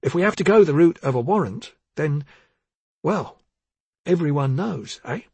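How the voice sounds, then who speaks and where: A needling policewoman who corners a suspect with coarse, pushy questions, as a male narrator puts her on. Her voice sits much higher and louder than his own, with a husky edge and a dry, close sound. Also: lively intonation, normal speed, no room sound, full character voice. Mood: pressing. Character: blunt sardonic female detective sergeant.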